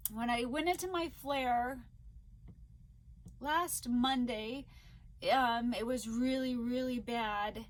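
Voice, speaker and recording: A woman's voice: high-pitched, fairly bright tone, a little hiss or hum, poor audio. Emotional, teary woman vlogger. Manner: emotional, laughs often and tears up. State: fatigued from an illness flare. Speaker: crochet vlogger. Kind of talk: casual vlog chat.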